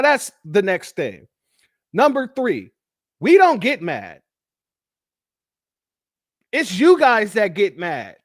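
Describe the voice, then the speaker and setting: Very high-voiced man ranting combatively. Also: no room sound, clean studio sound. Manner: combative, lists points one by one. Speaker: livestream host. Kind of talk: heated commentary.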